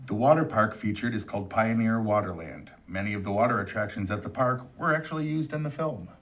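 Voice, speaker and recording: Man with a lowish voice, teasing tone. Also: fast. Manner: teasing, dry sarcastic jabs. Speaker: co-host of a movie review show. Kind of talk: casual movie review chat.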